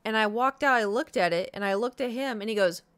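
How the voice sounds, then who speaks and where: A woman in her thirties telling a story to her stream viewers in a casual chat, animated and full of swearing, acting out her own reactions. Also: on the high side, fairly quick, smooth, dry recording. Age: 30s. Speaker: livestreamer.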